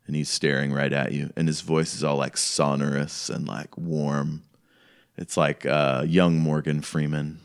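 A man's voice: extremely low pitch, level tone, measured pace, clear, resonant tone. A man narrating a tabletop game as game master, talking in a casual, rambling way full of "like". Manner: casual, rambling, heavy use of "like".

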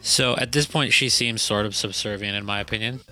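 A man's voice: fairly low pitch, fairly even intonation, brisk, pushed and bright, soft background music. A man playing a tabletop game, casual and joking as he describes his moves. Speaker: player.

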